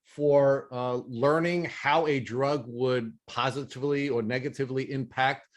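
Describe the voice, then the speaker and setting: A man's voice: mid-range voice, steady tone, unhurried. A man hosting an interview, asking long, winding questions. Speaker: interview host.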